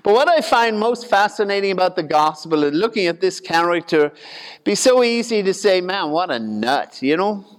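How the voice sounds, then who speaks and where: A man preaching a sermon with a high, smooth, ringing voice. He talks in a casual, folksy way, with asides and humor. A long reverb trails each phrase. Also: expressive, moderate pace.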